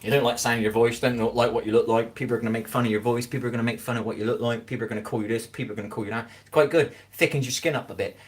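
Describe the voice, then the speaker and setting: Very fast and with few pauses, this Scottish man's medium-pitched voice stays steady in tone. He's livestreaming from his home kitchen in a loose, rambling chat, frequently asking "do you know what I mean" to be sure he's understood.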